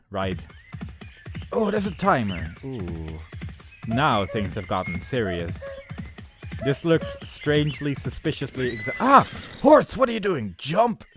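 A young man doing comedic game commentary, exasperated and sarcastic, complaining melodramatically at the game. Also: medium pitch. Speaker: let's play commentator.

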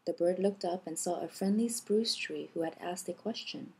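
Mellow woman reading a children's fable. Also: fairly low pitch, moderate pace, gravelly, husky. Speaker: audiobook narrator. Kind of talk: storybook narration for children. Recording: music bed behind the voice.

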